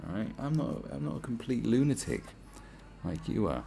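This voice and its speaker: Crude, sarcastic male podcast host; deep, creaky voice that swings wildly in pitch. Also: very animated, a little fast, warm tone, slight background noise. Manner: crude, sarcastic, swears constantly, mocking put-on voices. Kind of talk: ranting monologue.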